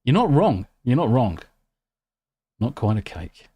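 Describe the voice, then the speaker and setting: A British man chatting casually on a live stream. He reacts excitably to chat and swears freely. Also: mid-range voice, normal speed. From United Kingdom. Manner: excitable, swears freely, talks while eating.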